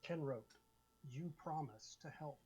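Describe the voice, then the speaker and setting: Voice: medium pitch, a little slow, mellow, lightly acted, poor audio. A tabletop player voicing an earnest druid who reminds a companion of a promise. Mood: reproachful. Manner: firm, reproachful. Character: earnest, dutiful druid who keeps his word. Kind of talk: in-character tabletop role-play.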